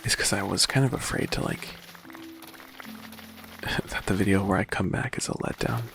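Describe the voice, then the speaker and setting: A soft-spoken man rambles reflectively as he plays, his low voice crackling with thick, gravelly fry. His pitch swings widely from word to word. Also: huge pitch swings, moderate pace, soft background music. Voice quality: vocal fry when speaking quietly. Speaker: gaming vlogger. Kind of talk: casual musing while playing a game.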